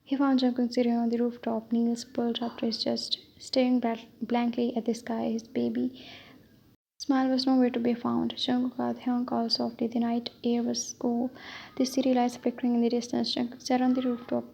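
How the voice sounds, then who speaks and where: A woman reading a fan-fiction story aloud in an even way, stumbling now and then. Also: on the high side, moderate pace, creaky, husky. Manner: flat, even reading with small slips. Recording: dull lo-fi with faint hiss.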